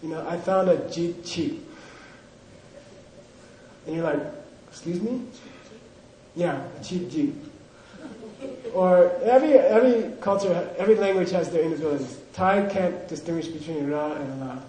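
A man's voice: a little high, lively intonation, moderate pace, dark tone. A man teaching a language class, drilling pronunciation and joking with his students. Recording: echoey room with class audience.

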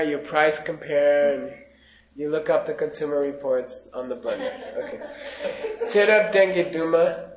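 A man teaching a class on Buddhism, reading out Tibetan lines slowly and then explaining them in casual, joking English to his students. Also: on the high side. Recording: echoey, dull lo-fi room recording.

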